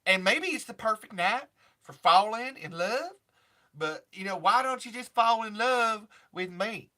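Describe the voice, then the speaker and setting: A man doing a comic impression of a feisty woman, a tough single mom who talks in a loud twangy drawl. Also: high-pitched, expressive, a little slow, pitched above the performer's own voice, heavily acted. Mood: flirty.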